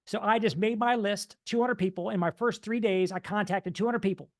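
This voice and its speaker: A man giving an energetic motivational talk, mimicking dull and excited voices to make his point. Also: high-pitched, fairly quick. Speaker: motivational speaker.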